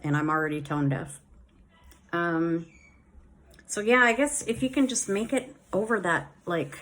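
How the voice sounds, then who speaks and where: Slow, low-voiced woman with a slight lisp. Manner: rambling, many fillers and restarts. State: wearing new dentures. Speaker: vlogger sharing a dental recovery diary. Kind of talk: casual chat.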